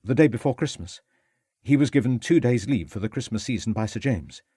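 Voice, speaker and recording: A man's voice: lively intonation, fairly quick, warm tone, husky, dry recording, studio quality. A man voicing a fussy, anxious male butler who talks in a proper, superior way. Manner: superior, flustered, high and fluttery.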